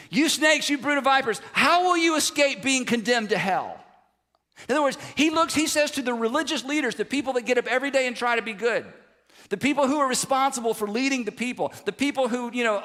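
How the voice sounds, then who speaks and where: A man preaching a sermon, animated and conversational, throwing rhetorical questions to the congregation. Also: high-pitched, long reverb tail. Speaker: pastor. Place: large church sanctuary.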